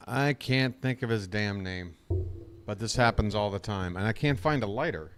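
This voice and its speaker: A man's voice: on the low side, normal speed, faint music behind. A man doing casual live-stream baseball commentary, rambling and crude, talking to himself between plays.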